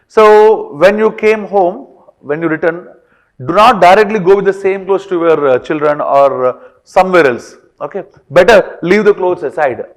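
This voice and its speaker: Male teacher with a high voice; lectures in a classroom, checking in with the class often. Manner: frequent fillers and checks like "right or wrong?".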